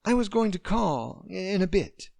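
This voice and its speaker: A woman's voice: medium pitch, very animated, unhurried, gravelly, a little mellow, dry recording, studio quality, voice pushed up, exaggerated voice. A man voicing a hurt adult woman heroine who forces cheer over her anger, in a romance audiobook. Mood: guarded.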